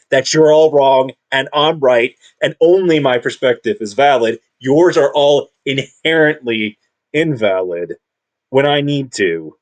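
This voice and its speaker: A man speaking in an unscripted monologue, rambling and halting with many restarts, combative and self-assured. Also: mid-range voice. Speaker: video commentator.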